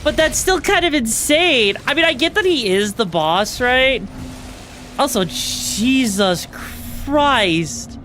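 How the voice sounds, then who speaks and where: A young woman streaming a video game, reacting excitedly, swearing freely and tossing in fillers and tag questions. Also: high voice, slow pace, a little hiss or hum. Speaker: VTuber streamer. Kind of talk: live gameplay commentary.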